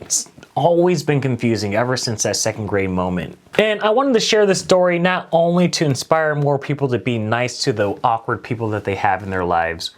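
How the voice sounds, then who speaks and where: Male host, storytelling monologue, casual and self-deprecating, lively swooping pitch. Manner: animated, conversational, self-deprecating. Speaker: late-night show host.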